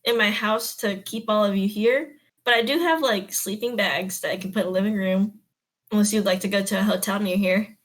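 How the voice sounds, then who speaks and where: A woman's voice: medium pitch, brisk, natural voice. A woman voicing a polite, hospitable woman in a tabletop game, speaking in an apologetic, accommodating way.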